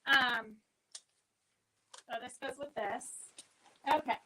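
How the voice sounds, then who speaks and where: Chatty woman host, high and bright, reading viewer comments on a live sale. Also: fairly even intonation, takes it slowly, slight background noise, low-quality recording. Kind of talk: casual live-stream sales chat.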